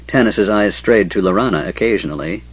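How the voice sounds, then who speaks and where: A man reading a fantasy novel aloud in a steady, measured storytelling voice. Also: on the low side, breathy edge, dry recording. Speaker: audiobook narrator. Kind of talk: scripted fantasy narration. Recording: dull lo-fi audiobook recording.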